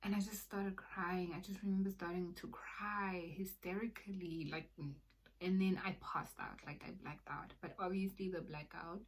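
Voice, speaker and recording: Soft-spoken young woman telling her testimony. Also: on the low side, rough recording. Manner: halting, conversational, many fillers like "like" and "you know". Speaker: person sharing a faith testimony. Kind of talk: personal testimony storytelling.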